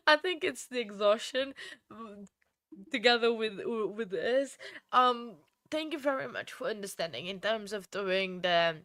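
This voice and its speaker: A woman's voice: on the high side, animated, unhurried, a bit bright, no echo. Tired, emotional woman streamer, dry sound. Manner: rambling, with many restarts and fillers, answering viewers by name; emotional and heartfelt. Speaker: true crime livestream host. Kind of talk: casual live stream chat.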